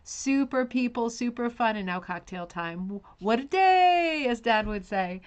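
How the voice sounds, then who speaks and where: A woman's voice: on the high side, animated, unhurried. A woman hosting a craft live stream, chatting casually and greeting viewers by name with scattered, self-interrupting talk. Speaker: host of a rug hooking live stream.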